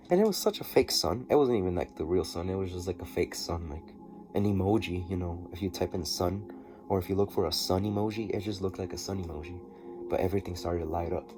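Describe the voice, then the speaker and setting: A man telling a personal story in a diary vlog, halting and rambling with many restarts. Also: low-pitched. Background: music.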